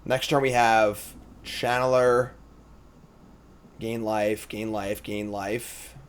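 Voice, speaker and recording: A man's voice: lowish voice, fairly even intonation, slow, clear, resonant tone. A man streaming a card game, thinking aloud in casual commentary and trailing off with fillers.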